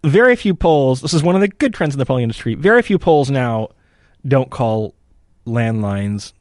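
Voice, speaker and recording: A man's voice: medium pitch, animated, moderate pace, a little mellow, no echo, studio quality. A man analysing election forecasts in a casual podcast chat, thinking aloud and hedging with frequent "you know" and "right?".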